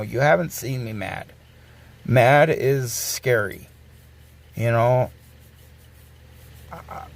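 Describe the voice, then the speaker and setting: A man's voice: medium pitch, vocal fry. A man in his forties, a streamer, ranting bluntly and casually, swearing and circling back with restarts. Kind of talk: casual rant.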